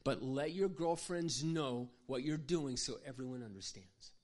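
A man with a mid-range voice speaks to a room of mothers in a folksy, joking manner. He acts out everyday scenes as he goes and keeps clearing his throat between thoughts. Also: mid-range voice, a little slow, darkish tone. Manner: folksy, humorous storytelling with acted-out demonstrations. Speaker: Christian parenting speaker. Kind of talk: live talk to an audience of mothers.

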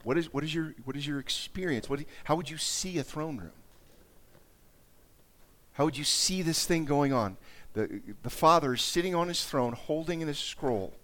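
A man delivering a sermon in an easy, conversational way, his voice sitting a little higher than most men's. He restarts phrases and repeats words as he thinks aloud. When he reads scripture, his voice climbs and grows more dramatic. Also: moderate pace, a bit bright. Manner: conversational, dramatic rises in voice while reading scripture. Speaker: pastor.

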